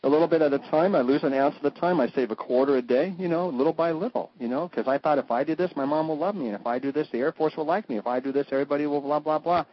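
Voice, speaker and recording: A man's voice: very fast, few pauses. A man chatting flamboyantly on a radio show, joking and breaking into mock voices. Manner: flamboyant, jokey, swoops into high mock voices. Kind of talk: animated talk-radio chat. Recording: dull lo-fi radio audio.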